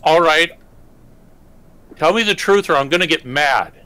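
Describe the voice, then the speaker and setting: A man's voice: on the high side, a little slow, sharp tone, smooth, no echo. A man voicing a childish, clingy young male dragon in a tabletop game. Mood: threatening.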